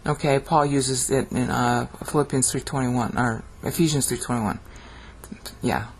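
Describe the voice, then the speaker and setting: A Bible language teacher delivers a video lesson over on-screen slides, explaining word by word, frequently checking in with "okay?" and chanting ancient phrases with dramatic rising emphasis. His mid-range voice is unhurried with fairly even intonation, and there's a little hiss or hum.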